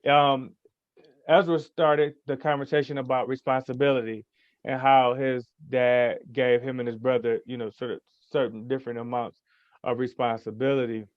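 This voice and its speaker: A man leads a panel talk and works his way through a question, pausing on fillers. The sound is dry, with a slightly dull, muffled band. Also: medium pitch, little pitch movement, no room sound. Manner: measured, with hesitant fillers while framing questions. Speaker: moderator. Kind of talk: moderating a panel conversation.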